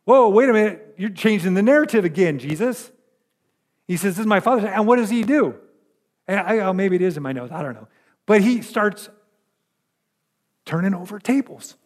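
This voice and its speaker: A man delivers a sermon as a pastor, his voice sitting fairly high. He talks to the room like a conversation, checking in with "right?" and pushing up in pitch and force when he drives a point home. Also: lively intonation, normal speed, long pauses. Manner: conversational preaching with frequent "right?" asides and rising emphasis.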